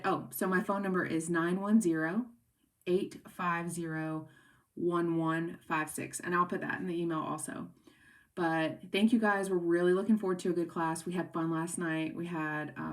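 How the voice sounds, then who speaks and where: A woman in her thirties, an instructor giving a casual, rambling class briefing with many fillers, while she has the hiccups. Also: deep voice. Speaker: course instructor.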